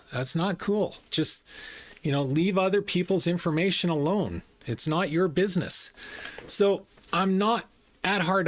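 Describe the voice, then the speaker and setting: A man with a somewhat high voice tells a personal story to his viewers. He talks in a chatty, rambling way and keeps laughing at his own tale. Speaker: reaction channel host. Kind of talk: casual storytelling monologue.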